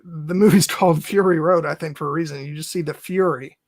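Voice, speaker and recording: A man hosting a film discussion podcast, speaking haltingly with many restarts and occasional chuckles. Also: a little high, steady tone, a little mellow, no room sound. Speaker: podcast host.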